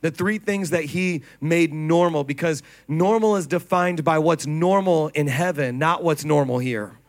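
A man's voice: a little high, unhurried. A man preaching to a congregation, telling stories with laughter and acted quotes. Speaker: pastor. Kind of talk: sermon. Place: church stage before a congregation.

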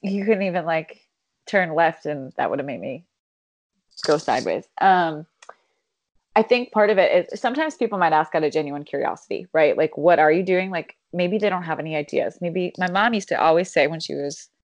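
Woman, 30s, podcast co-host, lowish voice, dry close sound, thoughtful and casually profane. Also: animated, normal speed, no room sound. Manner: reflective, explains with examples, swears casually. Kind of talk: casual chat.

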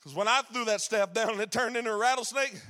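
A man preaching a sermon, rising into shouted, sing-song preaching. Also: high-pitched, fast. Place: church sanctuary.

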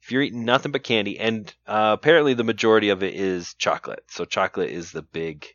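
A rambling male podcast host with a lowish voice, chatting loosely and tossing out trivia questions. His voice comes through a dull, lo-fi recording that is close and completely dry, with no room sound. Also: quick pace, fairly bright tone, no echo. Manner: rambling, laughs often, lots of "like" and "you know". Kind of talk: casual chat.

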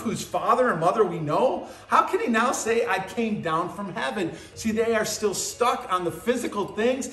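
A man preaching a sermon, teaching verse by verse with emphatic rises and low, quiet drops. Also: echoey room.

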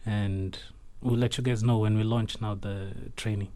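A man, an animation studio founder speaking as a guest in a radio studio, halting and thoughtful with many fillers. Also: on the low side, steady tone, dark tone. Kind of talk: radio interview.

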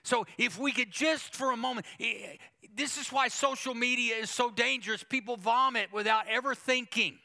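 Male pastor, sermon delivery, gravelly edge, emphatic and repetitive. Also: very high voice, moderate pace, hardly any pauses, sharp tone. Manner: emphatic preaching with quoted asides and repetition.

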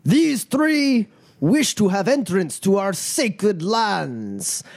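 A man voicing a commanding male satyr chieftain who makes loud ceremonial proclamations. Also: high-pitched, big pitch swings, extremely slow, gravelly, voice pushed up, exaggerated voice.

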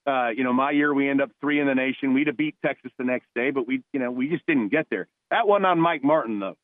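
A man's voice: mid-range voice, fast talker, dry recording. A man from New Jersey calling into a radio show as a guest, telling heartfelt, rambling stories with many restarts. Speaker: guest, retired police officer and former college ballplayer. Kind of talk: phone-in radio interview. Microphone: phone. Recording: tinny phone line, dry.

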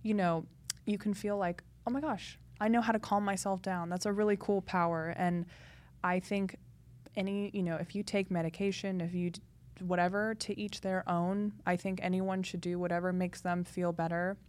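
Young woman, podcast guest, chatty, animated storytelling, slightly low voice. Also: normal speed. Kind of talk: casual interview talk.

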